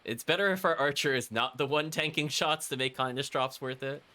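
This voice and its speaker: A man's voice: mid-range voice, brisk, bright, forceful tone. A man streaming a video game, giving casual play-by-play commentary with wry asides to his chat. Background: game music.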